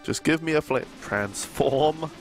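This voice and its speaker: A man's voice: on the high side, unhurried. A man doing playful live commentary while streaming a video game and joking with his chat. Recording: faint game music behind.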